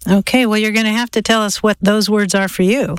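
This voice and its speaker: A woman's voice: mid-range voice, fairly even intonation, brisk, clean tone, dry recording, studio quality. Playful woman radio host. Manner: friendly, playful, prompting questions. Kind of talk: radio call-in chat.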